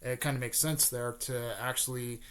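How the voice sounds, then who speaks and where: A man casually retelling a fan-made story off the cuff, rambling with many fillers and restarts and tossing in quick snippets of characters' lines. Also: mid-range voice, steady tone, a bit bright, clean tone.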